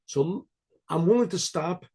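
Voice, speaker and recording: A man voicing a hurried devout rabbi, flustered, stammering, raspy, high. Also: darkish tone, heavily acted. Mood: urgent.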